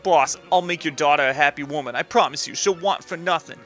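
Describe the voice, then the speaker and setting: A man's voice: a little high, fairly quick, a bit bright, faint music behind, close to an everyday voice. A man voicing an earnest, repentant young henchman who pleads with his boss.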